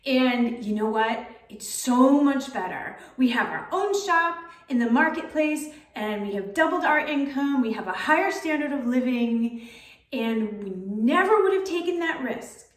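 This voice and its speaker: Casual female life coach with a slightly high voice, recorded from a distance in a roomy space. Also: animated, measured pace. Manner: casual, keeps asking "right?". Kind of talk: storytelling and coaching talk. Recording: roomy echo, distant mic.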